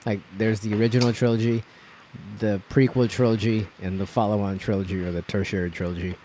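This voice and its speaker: A man's voice: on the low side, level tone, brisk, dark tone, a little hiss or hum, low-quality recording. A man co-hosting a podcast, trading wry, profane banter in casual chat. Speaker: podcast co-host.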